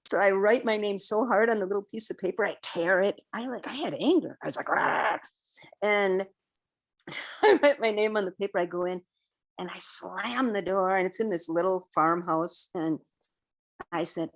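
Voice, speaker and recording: A woman in her sixties, a guest on an interview podcast, telling a personal story in an animated way and acting out her own past outbursts. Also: medium pitch, moderate pace. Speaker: interview guest, vegan educator.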